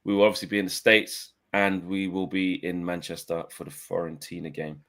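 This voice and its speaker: A man's voice: sits low, little pitch movement, fairly quick, a bit bright. A man co-hosting a casual fan podcast, bantering and reading messages aloud.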